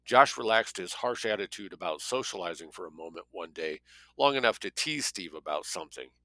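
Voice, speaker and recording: A man's voice: deep voice, lively intonation, a little fast, sharp tone, no echo. A man narrating a thriller audiobook in a plain reading voice, now and then dropping offhand asides of his own. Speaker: audiobook reader.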